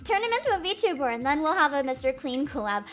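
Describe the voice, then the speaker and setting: A woman's voice: sits high, sing-song, quick pace, fairly bright tone, faint music behind. A woman streaming live as a VTuber, hyper and giggly, chatting casually, swearing freely and greeting viewers by name.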